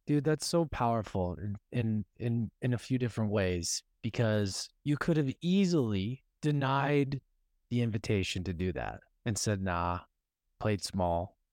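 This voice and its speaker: A man's voice: lowish voice, expressive, unhurried, darkish tone, no room sound, clean studio sound. A man hosting a podcast, enthusiastic and affirming, talking casually and asking probing questions. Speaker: podcast host. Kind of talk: casual interview conversation.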